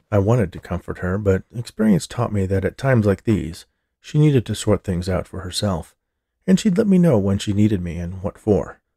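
Male narrator, low gravelly voice, dry delivery, lively pitch, close dry sound. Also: no room sound. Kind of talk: first-person audiobook narration.

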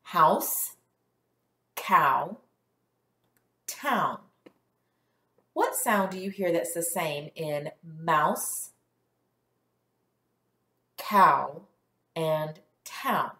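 A woman teacher leads young children through a phonics lesson, sounding out words slowly and clearly for them to repeat. She speaks at an unhurried pace, and her voice carries in a roomy, echoing space. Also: deep voice, lively intonation, bright, forceful tone. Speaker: first grade teacher.

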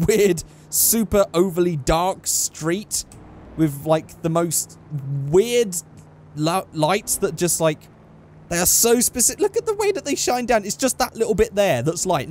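A young gaming channel host delivers sarcastic, exasperated let's play commentary as he plays a driving game. He speaks in a high voice with lively intonation at normal speed, over slight background noise.

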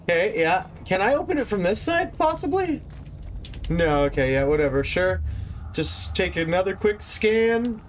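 A man's voice: sits high, big pitch swings, moderate pace, a little hiss or hum. Give me a man doing laid-back game commentary, joking and swearing. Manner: joking, laughs often, swears freely. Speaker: let's play host. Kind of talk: casual gameplay commentary.

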